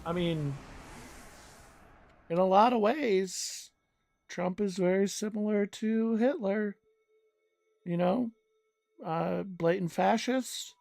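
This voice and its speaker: A man's voice: high-pitched, slow pace, creaky, pauses often, darkish tone, soft background music. A young man streaming a game, chatting casually in a rambling, profane way and laughing often. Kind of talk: casual chat while gaming.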